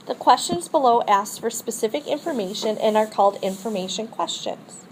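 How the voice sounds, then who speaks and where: A woman's voice: a little high, expressive, a little fast, darkish tone, slight background noise, rough recording. A woman teacher explaining a French grammar lesson step by step and modeling phrases for students to repeat. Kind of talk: recorded classroom lesson.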